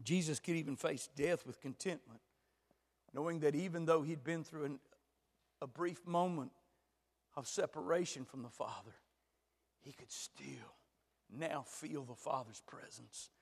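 A man preaching a sermon, dropping to hushed lines and then building to loud, shouted climaxes. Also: on the high side, measured pace, long pauses, husky. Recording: long hall reverb.

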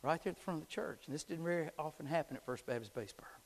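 A man preaching a sermon, swinging from shouting to hushed tones. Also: a little high, rapid-fire, gravelly, big-room sound. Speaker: pastor. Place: church sanctuary.

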